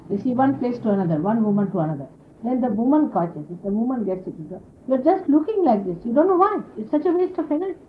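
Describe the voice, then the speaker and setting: Woman, spiritual teacher, animated intonation, chatty explanatory talk, muffled vintage tape. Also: medium pitch. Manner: conversational, explanatory, sprinkled with "you see". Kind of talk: informal spiritual talk to followers. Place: indoor gathering. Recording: dull lo-fi 1970s archive tape with faint hiss.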